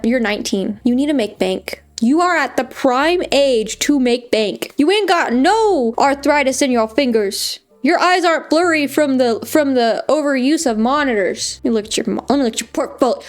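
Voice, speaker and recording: A woman's voice: sits high, lively intonation, moderate pace. A woman artist and streamer talking casually and expressively, scolding in an exasperated, motherly way as she reviews art pages. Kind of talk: casual video commentary.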